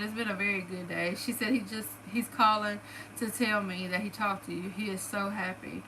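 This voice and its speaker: Southern woman vlogger, chatty and emotional, casual storytelling, faint background hiss. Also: mid-range voice. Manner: chatty, emotional, lots of "like" fillers.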